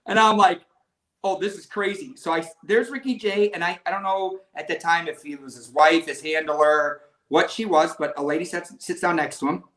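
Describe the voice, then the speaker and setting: A magician guest telling a lively story in casual conversation, with many restarts. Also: male voice, on the high side, moderate pace, hardly any pauses.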